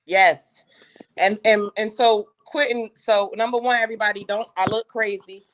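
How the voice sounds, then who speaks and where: Lively New woman, co-host on a casual livestream, slangy, bursts of speed. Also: mid-range voice, normal speed. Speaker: co-host and author.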